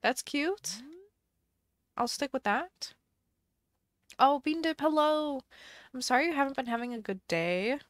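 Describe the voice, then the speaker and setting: Slow, chatty woman streamer thinking aloud. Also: sits high, lively intonation, no echo. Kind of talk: casual live game stream chat.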